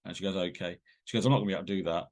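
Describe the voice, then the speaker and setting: A man tells stories as a guest on an interview podcast. He talks quickly, rambling along with plenty of fillers and restarts. His delivery is animated, with sudden jumps in pitch when he acts out a scene. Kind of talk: casual anecdote telling.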